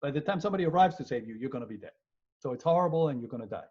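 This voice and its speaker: A man teaching law in an online webinar, animated and joking, often repeating words and acting out people. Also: medium pitch, very fast, breathy edge. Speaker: law professor. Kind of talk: lively webinar lecture. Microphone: video call. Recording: muffled webinar audio.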